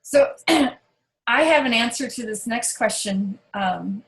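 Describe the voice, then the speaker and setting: A woman's voice: fairly high pitch, lively intonation, slow. A woman hosting an interview, joking and playful in tone. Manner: playful, jokey. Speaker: host. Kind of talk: casual interview chat. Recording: roomy echo.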